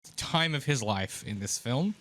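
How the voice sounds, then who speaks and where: A man talks through a film on his podcast in a loose, rambling way, circling back with lots of filler words as he thinks aloud. His voice sits at an ordinary middle pitch, and the sound is dry and close, with no room echo. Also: lively intonation, moderate pace, a bit bright. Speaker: podcast host. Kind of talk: casual film discussion.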